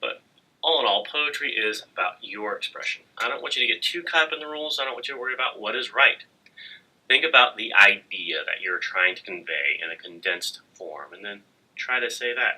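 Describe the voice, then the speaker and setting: A man giving a recorded slide lecture, talking in a relaxed, halting way with many fillers. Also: fairly low pitch, rough recording. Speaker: teacher.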